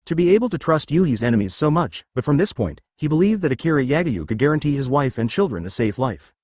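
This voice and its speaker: A male narrator reads a story at a brisk clip. His pitch rises and falls freely, and the sound is close and dry with no room around it. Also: big pitch swings, darkish tone, dry recording.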